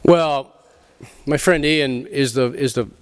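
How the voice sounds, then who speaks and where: A middle-aged man, speaking to a literary festival audience in an animated, emphatic way, often restarting his sentences and swearing casually. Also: medium pitch, takes it slowly, clear, resonant tone. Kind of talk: animated talk and Q&A. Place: festival venue before an audience.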